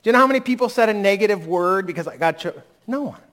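A pastor getting over a lingering cold preaches a sermon in a candid, conversational style, with sudden emphatic rises. His voice sits high and fairly bright, fast and lively in intonation.

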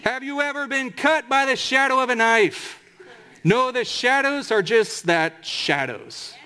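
High-voiced man preaching a sermon. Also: expressive, bright, forceful tone, clean tone. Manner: emphatic preaching with slowed, drawn-out scripture quotes. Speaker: pastor.

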